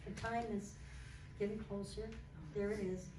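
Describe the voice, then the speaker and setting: A woman's voice: medium pitch, moderate pace. Woman telling a testimony in a roomy hall. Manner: animated, acts out quoted dialogue. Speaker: guest sharing a testimony. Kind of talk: casual storytelling testimony. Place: church hall. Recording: roomy hall, mic far off, faint noise.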